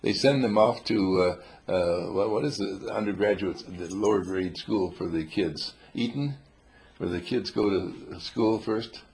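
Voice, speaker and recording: A man's voice: lowish voice, measured pace, a little mellow. An older man telling rambling, humorous stories to a small group, playful and chuckling, with old-fashioned exclamations.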